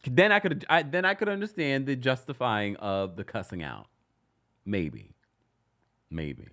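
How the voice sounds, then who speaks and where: A man hosting a casual reality TV recap, chatty and animated, with sudden high-pitched exclamations. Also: measured pace. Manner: chatty, many restarts while retelling scenes.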